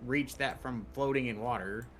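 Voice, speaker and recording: A man's voice: mid-range voice, normal speed. A man playing in a tabletop game, chatting casually and asking questions about the rules in a playful way. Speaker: player.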